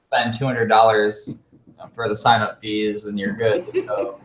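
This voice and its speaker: A man's voice: lowish voice, level tone, unhurried, reverberant, a little hiss or hum, poor audio. A man, a tabletop game player, chatting casually in a rambling way with lots of fillers. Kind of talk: casual post-game chat.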